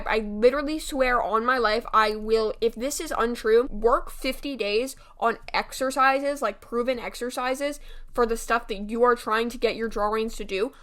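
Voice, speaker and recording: A teenage girl rants her way through a casual storytime vlog, heated and swearing freely. Her voice is a little high, very bright and forceful, and she scatters "like" between her words.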